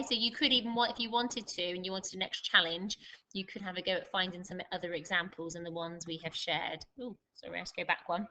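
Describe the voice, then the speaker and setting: A woman leads a spelling lesson for young children. Her voice is bright and clear, and she speaks slowly and deliberately, stressing each word. She explains each point patiently, the way a teacher does for small pupils. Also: medium pitch, poor audio. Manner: slow, deliberate dictation with clear emphasis. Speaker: primary school teacher.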